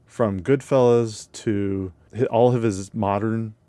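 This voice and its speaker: A man co-hosting a casual movie podcast, running through award facts in a relaxed way with small fillers. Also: fairly low pitch, takes it slowly, no room sound. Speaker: podcast co-host.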